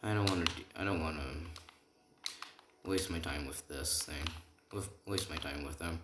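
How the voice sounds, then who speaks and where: A man's voice: very deep voice, moderate pace, far from the mic, noisy background, pitched below the performer's own voice. A man voicing a blunt, dismissive older male swordsman mentor in a curt, offhand way. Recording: echoey room, faint keyboard typing.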